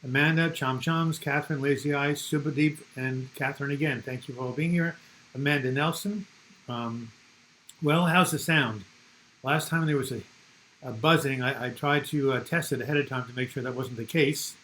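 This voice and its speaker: A man's voice: mid-range voice, steady tone, normal speed, a bit bright, a little hiss or hum, rough recording. An older man from the United States hosting a casual live chat, rambling and reading viewer comments aloud.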